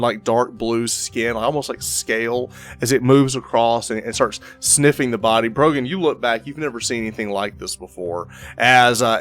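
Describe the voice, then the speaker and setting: Halting man narrating a tabletop game. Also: mid-range voice, a bit bright. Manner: halting, many fillers and restarts. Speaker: game master.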